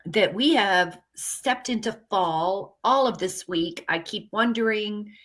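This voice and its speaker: A woman panelist on a video call, friendly and unhurried in casual chat. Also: medium pitch, a bit bright.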